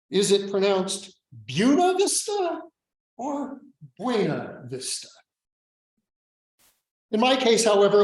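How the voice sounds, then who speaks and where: A priest from Oregon preaching a sermon in a measured, reflective way with gentle humor. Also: male voice, high-pitched, distant mic. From Oregon, USA. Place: church sanctuary. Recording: echoey church room.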